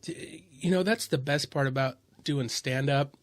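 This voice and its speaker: A man's voice: mid-range voice, moderate pace. A man hosting a podcast, telling stand-up road stories in a casual, profane way and laughing as he goes. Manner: profane, laughing, loud when acting out others. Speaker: podcast host and stand-up comedian. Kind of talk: casual storytelling chat. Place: podcast studio.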